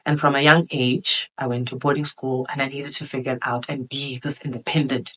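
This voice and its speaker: A woman's voice: extremely low pitch, flat delivery, a little fast, few pauses, a bit bright, breathy edge, low-quality recording. A woman in her twenties hosting a podcast, talking candidly and reflectively in a conversational way, with plenty of fillers. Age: 20s. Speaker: podcast host.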